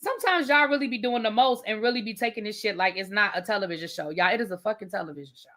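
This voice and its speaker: Bright-voiced woman chatting live. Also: medium pitch, racing. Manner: chatty, emphatic, talks straight to chat. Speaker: livestream host reviewing reality TV. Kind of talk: casual livestream chat with viewers.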